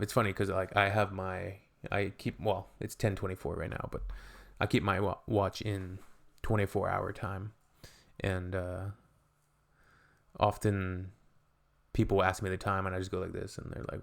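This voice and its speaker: A man's voice: low voice, little pitch movement, moderate pace, gravelly. Sarcastic man reading posts aloud. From Canada. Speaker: reaction video host. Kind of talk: casual reaction commentary.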